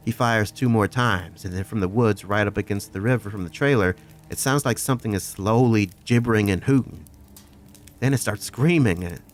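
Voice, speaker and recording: A man narrating a first-person horror story in a profane, conversational way. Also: on the low side.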